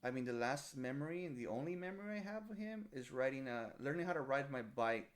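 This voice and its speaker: A man, telling stories in a relaxed podcast chat and often saying "dude". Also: mid-range voice, quick pace. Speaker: podcast co-host. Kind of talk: casual chat.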